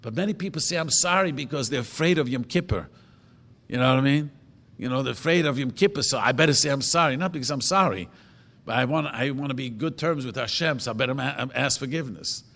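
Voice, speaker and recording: Rambling rabbi in a reverberant hall. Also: male voice, medium pitch, fast, creaky, fairly bright tone. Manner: rambling storyteller, self-correcting, earnest. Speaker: rabbi answering questions. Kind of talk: informal Torah talk with audience questions.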